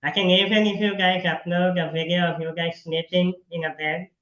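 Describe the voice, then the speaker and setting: A man's voice: high voice, level tone, brisk, fairly bright tone, muffled recording. Chatty young-sounding man on a roomy call. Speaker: interviewer. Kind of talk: casual video call interview. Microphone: video call.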